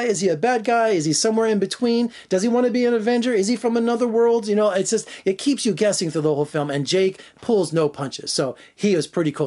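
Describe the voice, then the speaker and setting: A man's voice: sits high, darkish tone. A man giving an enthusiastic, rambling spoken film review, full of "you know" fillers and restarts. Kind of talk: spoiler-free movie review vlog.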